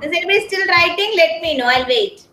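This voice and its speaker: Patient high-voiced Indian English teacher. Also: female voice, expressive, bright, forceful tone, echoey room, slight background noise, rough recording. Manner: slow, patient, spells words letter by letter. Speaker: kindergarten teacher. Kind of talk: online class instruction. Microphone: video call.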